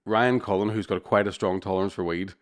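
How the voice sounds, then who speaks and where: A man's voice: sits low, steady tone, brisk. A man telling sweary, laughing stories as a podcast co-host in casual chat.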